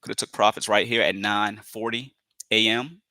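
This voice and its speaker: Calm man calling out trades, bright and dry. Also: fairly low pitch, moderate pace, no echo. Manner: repeats phrases, fills with "you know", calls viewers family; calm, talks himself into patience. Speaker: day trader streaming live trades. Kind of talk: live trading commentary.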